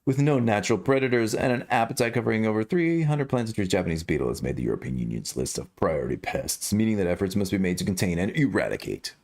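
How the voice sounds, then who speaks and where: A man's voice: lowish voice, sing-song, fast talker, hardly any pauses, darkish tone. A man streaming live, reading news stories aloud and riffing on them in a rambling, jokey, self-correcting way. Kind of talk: casual livestream news commentary.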